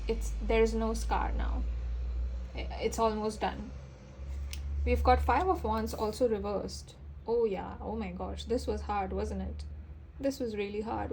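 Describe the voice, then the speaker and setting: A woman giving a casual tarot reading straight to her viewers, chatty and full of fillers, her voice rising as she gets excited. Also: medium pitch, a little hiss or hum, low-quality recording. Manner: excitable, voice rises with enthusiasm. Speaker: tarot reader.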